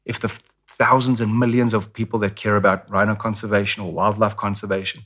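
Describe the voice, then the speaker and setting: A man's voice: lowish voice, flat delivery, fairly quick, fairly bright tone. A middle-aged man with a South African accent, candidly telling stories as an interview guest. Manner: candid, storytelling, acts out voices of others. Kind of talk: casual interview talk.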